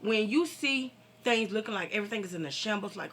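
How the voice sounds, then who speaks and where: Casting: middle-aged woman vlogger, gravelly and bright, fervent, preaching straight to camera. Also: medium pitch, lively intonation, fast, few pauses. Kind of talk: casual heartfelt vent to viewers.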